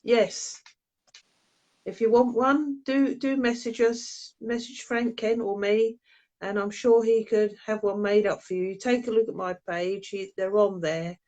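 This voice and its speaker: A woman's voice: medium pitch, fairly even intonation, measured pace, darkish tone, highs cut off. A woman hosting a casual live video as a medium, chatting, laughing and reading out viewers' comments. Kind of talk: casual live-stream chat.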